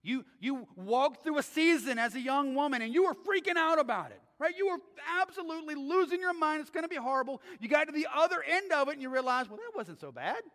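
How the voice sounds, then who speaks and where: A male pastor preaching a sermon in a conversational way, often checking in with the congregation with a quick "right?". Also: very high-pitched, a bit bright, big-room sound. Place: church sanctuary.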